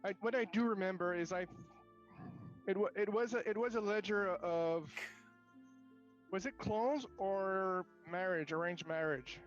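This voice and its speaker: A man with a high voice chats casually as a player in a tabletop game, with wry, joking asides. His audio sounds dull and lo-fi. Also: unhurried, pauses often, faint music behind.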